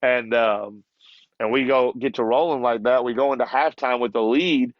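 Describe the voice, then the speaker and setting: Male coach telling an animated story. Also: medium pitch, moderate pace, dry recording, lo-fi sound. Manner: lively storyteller who acts out what others said and laughs often. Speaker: basketball coach, podcast guest. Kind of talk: casual storytelling.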